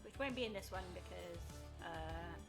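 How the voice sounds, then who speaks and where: A woman's voice: on the low side, normal speed. Woman streamer, chatty and self-deprecating, casual let's-play banter over faint game music. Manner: chatty and self-mocking, often laughing. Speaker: streamer playing a video game. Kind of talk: casual let's-play chat, reading game text aloud.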